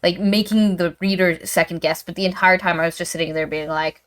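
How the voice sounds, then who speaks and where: A woman's voice: on the low side, steady tone, fairly quick. A woman co-hosting a book podcast, talking casually and animatedly, often laughing and mimicking characters.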